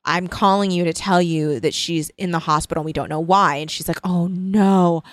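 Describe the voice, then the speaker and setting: A woman's voice: lowish voice, moderate pace, no echo, studio quality. A woman in casual chat, animatedly retelling a book's plot and acting out the characters' lines. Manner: animated retelling with quoted voices. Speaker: co-host discussing a book.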